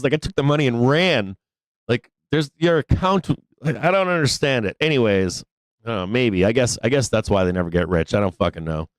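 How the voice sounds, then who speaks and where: A man's voice: medium pitch, smooth, no room sound. A man hosting a live stock market show, ranting casually and profanely about trading with frequent laughs.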